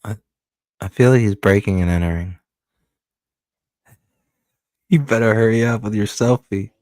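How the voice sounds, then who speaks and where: Low-voiced man reacting crudely. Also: fairly quick, a little mellow, dry recording, studio quality. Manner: crude, mocking, blurts reactions. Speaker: streamer reacting to clips. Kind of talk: casual commentary.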